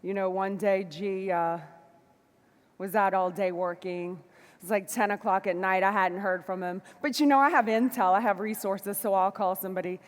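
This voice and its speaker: A woman giving a motivational stage talk to a live audience, fiery and emphatic, moving between shouts and soft asides. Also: medium pitch, steady tone, normal speed, long reverb tail. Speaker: motivational speaker. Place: large hall before a live audience.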